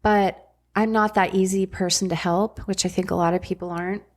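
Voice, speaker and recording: A woman's voice: mid-range voice, fairly even intonation, a little fast. A middle-aged woman, a podcast guest and former ER nurse, telling her story candidly in a blunt, casual way with frank swearing.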